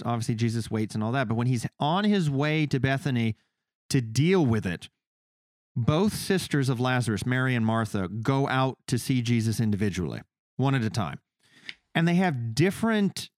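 A man's voice: mid-range voice, dry recording, clean studio sound. A man co-hosting a podcast in a casual faith discussion, talking animatedly and acting out the people he quotes. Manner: animated, acts out quoted speakers in his retelling. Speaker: podcast co-host.

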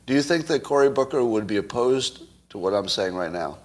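A man's voice: animated, brisk, hardly any pauses. A man hosting a solo commentary show, arguing his point in a conversational way and putting questions to his audience. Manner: wide swings in pitch and loudness.

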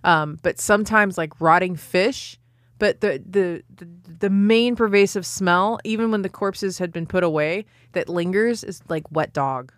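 A woman's voice: lowish voice, unhurried, no room sound. Woman, podcast co-host, casual comedic chat, rambling, profane, dry close sound.

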